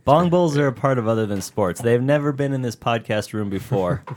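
A man's voice: mid-range voice, expressive, fairly quick, a little mellow. A young man co-hosting a casual podcast chat, playful and jokey. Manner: playful, jokey, breaks into laughter. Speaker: podcast co-host.

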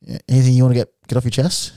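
A man's voice: mid-range voice, monotone, rapid-fire, dark tone, no echo. A young man in casual studio chat, laid-back and teasing his co-host in a dry way. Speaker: podcast co-host.

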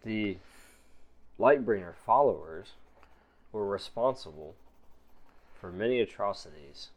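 A male game master voicing a grave, mysterious woman stranger in a low, hushed voice. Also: lively intonation, a little slow.

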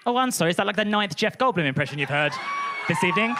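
A woman comedian doing a punchy, animated stand-up set on a club stage. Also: on the low side, very fast, a crowd in the background, noisy background. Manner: animated, punchy, laughing through lines.

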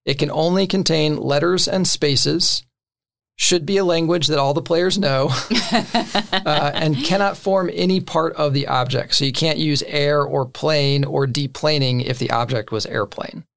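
A man's voice: on the high side, unhurried, creaky. A man casually explaining the rules of a board game to friends, with many fillers and short laughs. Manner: relaxed, filler-heavy, laughs between points.

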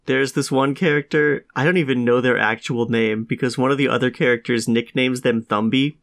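A man's voice: mid-range voice, steady tone, brisk, vocal fry, fairly bright tone. A man co-hosting a casual podcast chat, sick with a cough, telling stories in a dry, wry way. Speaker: podcast co-host.

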